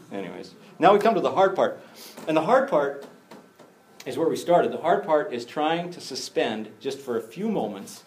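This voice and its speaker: Man preaching an animated, joking sermon. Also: mid-range voice, brisk, a little hiss or hum. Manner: animated, jokey asides, acts out dialogue. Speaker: pastor. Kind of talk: conversational sermon.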